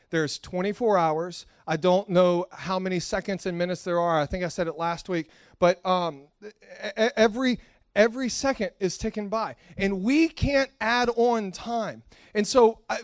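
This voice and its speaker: High-voiced man preaching with lively stories. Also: no echo, clean studio sound. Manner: animated, self-mocking, frequent restarts. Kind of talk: storytelling sermon. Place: church hall.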